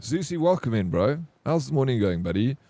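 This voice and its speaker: A man's voice: mid-range voice, big pitch swings, a little fast, dark tone, dry recording. A man in his thirties with a South African accent, chatting casually on a game livestream in a rambling, laid-back storytelling way. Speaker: streamer.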